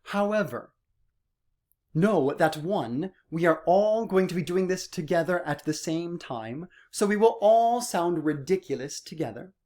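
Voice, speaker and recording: A man's voice: a little high, expressive, a little slow, few pauses, darkish tone. A young man teaching a singing lesson to his students, playful and sometimes exaggerating his vowels and consonants to demonstrate. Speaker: music teacher.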